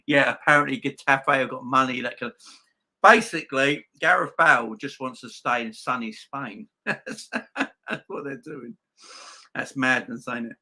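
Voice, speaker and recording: A man's voice: medium pitch, measured pace, sharp tone. A man hosting a football fan live stream, reading viewer comments. He talks emphatically, repeats his points and calls his viewers "guys". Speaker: host of a football fan channel.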